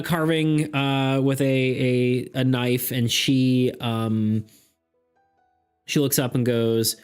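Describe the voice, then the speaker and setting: A man narrating as game master for a streamed tabletop game, his pitch sitting in a middle range. He rambles and hesitates, filling gaps with ums and self-deprecating asides. Faint music plays behind him. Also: clear, resonant tone. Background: faint background music.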